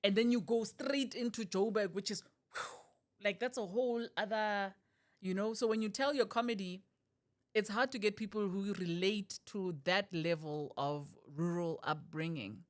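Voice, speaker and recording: Animated South African woman comedian. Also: medium pitch, moderate pace. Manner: animated, laughs often, switches voices for quotes. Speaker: comedian guest. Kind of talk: podcast interview.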